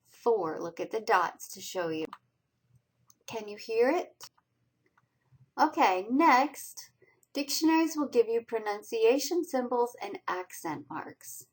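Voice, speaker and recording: Slow, patient woman teaching a lecture. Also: medium pitch. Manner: patient, step-by-step explaining with quiz questions to students. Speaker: college reading teacher. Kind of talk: recorded slideshow lecture.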